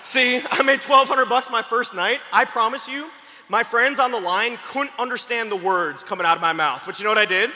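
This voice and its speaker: A high-voiced man pumps up a crowd with a motivational sales training talk, fast-talking and excitable, often breaking into shouts. His voice is very bright and sharp, and it rings out with long reverb through a large hall.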